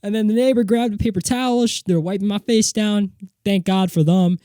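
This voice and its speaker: Rich: a young man recounts a story on his solo podcast, rambling and animated, cursing freely. His voice is mellow and warm. The sound is dry and close, as from a home studio mic. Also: high voice, fairly quick, clear, resonant tone, dry recording. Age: young adult. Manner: rambling, animated, swears casually. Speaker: podcast host. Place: home studio with guitar and mixing board.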